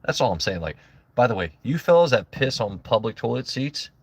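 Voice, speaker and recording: A man's voice: mid-range voice, big pitch swings, fairly quick, husky, dry recording. A man hosting a casual livestream, rambling and joking with his chat in loose asides. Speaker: livestream host.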